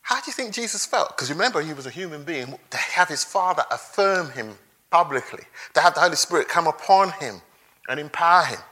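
Man preaching, animated, very lively pitch, laughs between points. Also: a little fast. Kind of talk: sermon.

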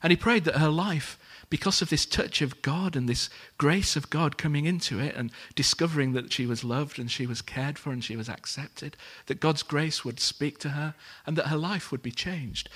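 A man preaching a sermon, telling a story in a lively way and acting out the characters' lines. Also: on the high side, slightly rough.

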